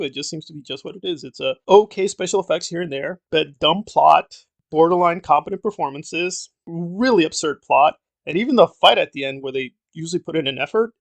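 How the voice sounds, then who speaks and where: A man's voice: fairly high pitch, creaky, dry recording. A man giving a casual, blunt film review, talking in an exasperated way with lots of fillers.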